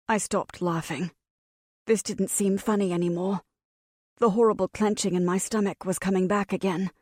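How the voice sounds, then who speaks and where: A woman narrating a cozy fantasy audiobook in the first person, with a wry, expressive storytelling manner. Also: mid-range voice, normal speed, no room sound, studio quality.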